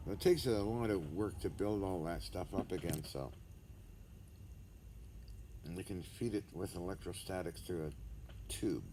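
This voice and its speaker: Deep-voiced older man rambling bluntly. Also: a little slow, long pauses, warm tone. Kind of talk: rambling casual vlog monologue. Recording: noisy background hiss.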